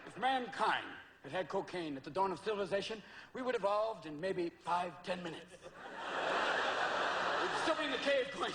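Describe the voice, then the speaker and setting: Manic hoarse male stand-up comic. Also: sits high, big pitch swings, normal speed. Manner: manic, shouting, jumps into voices. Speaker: stand-up comedian. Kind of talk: stand-up comedy routine. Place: live comedy venue with audience. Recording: roomy live recording with loud crowd. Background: loud crowd noise and laughter.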